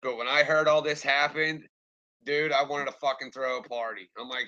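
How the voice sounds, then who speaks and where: A man's voice: medium pitch, steady tone, normal speed, bright, forceful tone, muffled recording. A man ranting on a live stream and answering his chat, angry, rambling and swearing constantly. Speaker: livestreamer talking to chat.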